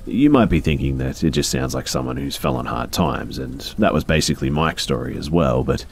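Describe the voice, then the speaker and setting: A man narrating a first-person story in a steady, even storytelling manner. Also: rumbling low, a little fast, creaky, slight background noise.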